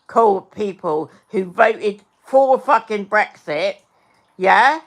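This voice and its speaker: A woman's voice: medium pitch, lively intonation, slow. A middle-aged woman hosting a livestream, ranting angrily and swearing, often repeating herself and speaking to her chat by name. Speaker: livestream host. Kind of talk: angry livestream rant.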